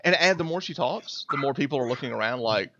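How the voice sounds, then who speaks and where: A man's voice: medium pitch, animated, fast talker, fairly bright tone, a little hiss or hum. A man running a tabletop game as game master, talking casually with many fillers and repeated words. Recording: dull lo-fi audio, dry.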